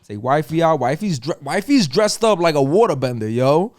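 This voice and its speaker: A man's voice: a little high, big pitch swings, moderate pace, a little mellow, no room sound. A middle-aged New York man tells a story with a lot of swearing, his voice slightly raised and swinging up and down as he acts out the other people. The sound is close and dry, with no room around it. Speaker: podcast co-host. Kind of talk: casual storytelling.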